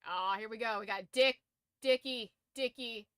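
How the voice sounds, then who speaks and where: Dry, bright-voiced swearing woman streamer. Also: fairly high pitch, unhurried, smooth, no echo. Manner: swears freely, laughs often, shrieks in disbelief. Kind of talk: casual live-stream chat.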